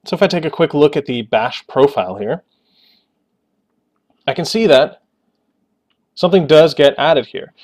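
A man's voice: a little high, expressive, moderate pace, pauses often, darkish tone. A man hosting a Linux tutorial, narrating a screencast in a casual, explanatory way with joking asides.

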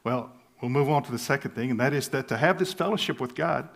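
Earnest preacher, medium-pitched man. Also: creaky. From southern United States. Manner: earnest, measured, slowing for emphasis, with light chuckles. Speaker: pastor. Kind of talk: sermon.

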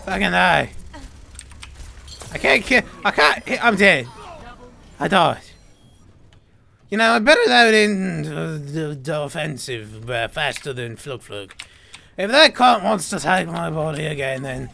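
A young man gaming, loudly swearing and joking through in-character banter with shouted outbursts. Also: a little high, sing-song, a little slow, vocal fry, pauses often, a little hiss or hum. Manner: loud, crude and swearing, with over-the-top shouting outbursts. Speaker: gamer. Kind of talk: profane in-character gameplay banter.

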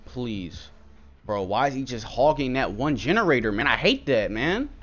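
A young man giving live, excitable commentary on his own gameplay, swearing often and calling everyone bro. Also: medium pitch, normal speed, dull audio. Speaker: gameplay streamer.

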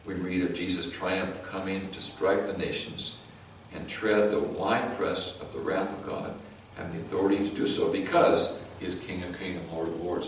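Low-voiced Californian pastor in an echoey church. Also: male voice. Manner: conversational, with halting restarts and light joking. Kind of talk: sermon. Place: church sanctuary. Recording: very echoey hall, mic far off, faint noise.

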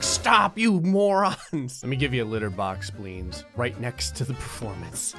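A man giving comedic, sarcastic commentary over a life-simulation game, often slipping into quick voices for the pets. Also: mid-range voice, a bit bright. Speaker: gaming commentator.

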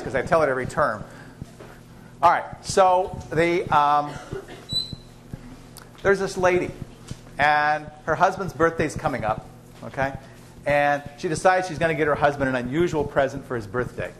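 A man's voice: on the high side, a bit bright, a little hiss or hum. A man lecturing to students in a lecture hall, chatty and joking as he teaches. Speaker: biochemistry professor. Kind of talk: university lecture.

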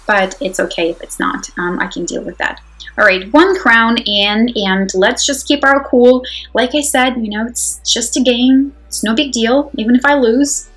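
A woman giving live commentary on her own mobile game, excitable and talking to herself, swinging from loud exclamations to quiet muttering. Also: mid-range voice, low-quality recording. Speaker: mobile game player and channel host. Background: faint background music.

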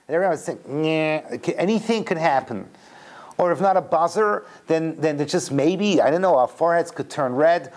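A British-accented man, a rabbi lecturing to a live audience. He spins comic personal stories with animated delivery and then draws a lesson from them. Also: on the high side. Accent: British English. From Britain. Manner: animated storyteller, mixes jokes with teaching.

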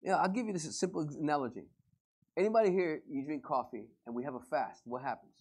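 A male pastor preaching a lively, joking sermon to a congregation and acting out everyday scenes. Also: a little high, fast, slightly rough. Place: church service before a congregation.

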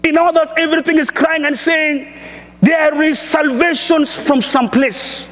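A man preaching a sermon and reading scripture, speaking emphatically and building to shouted exhortations. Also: very high voice, fairly even intonation, unhurried. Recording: echoey church hall reverb.

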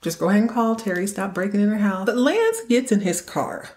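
A woman's voice: mid-range voice, animated, a little fast, a little mellow. A woman hosting a podcast, recapping a TV episode in a chatty, joking way and acting out quotes. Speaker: podcast host.

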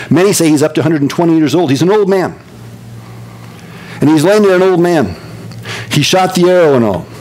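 An older man preaching a sermon as pastor, telling stories with lively swings from excited high tones to low hushed earnestness. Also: poor audio.

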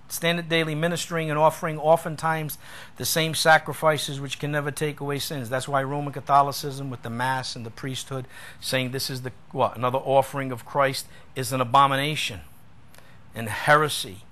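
A man preaching as a pastor, putting questions to the congregation and rising to loud, emphatic peaks. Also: fairly high pitch. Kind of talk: sermon.

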